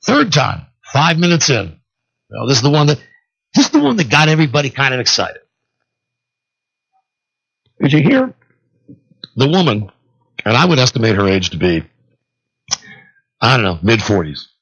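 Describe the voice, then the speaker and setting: A male talk radio host telling a long story solo, animated and acting out the people in it, on a dull lo-fi radio broadcast. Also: mid-range voice, moderate pace, gravelly, pauses often, breathy edge.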